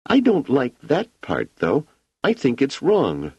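A man voicing a sad, sulky little girl in a high, pleading child's voice. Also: wildly swooping pitch, slow, gravelly, darkish tone, breathy edge, no echo, lo-fi sound, heavily acted. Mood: fussy.

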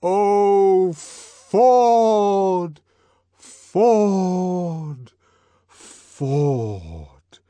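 A man voicing a deep, musical, supernatural male voice that speaks slowly from above. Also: big pitch swings, dark tone, no echo, heavily acted. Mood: yearning. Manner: intoning slowly, drawn out.

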